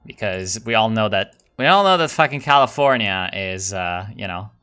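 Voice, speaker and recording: A young man giving casual, profane commentary while playing a strategy game, excitable and musing aloud with fillers and laughs. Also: fairly low pitch, moderate pace, clean tone. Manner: swears a lot, excitable, jokey.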